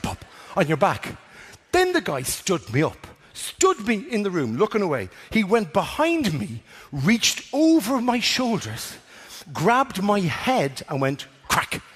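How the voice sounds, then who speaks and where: A middle-aged man doing stand-up comedy in a big theatre, animated and breaking into sudden shouts. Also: sits high. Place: large theatre stage. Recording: reverberant theatre, audience noise.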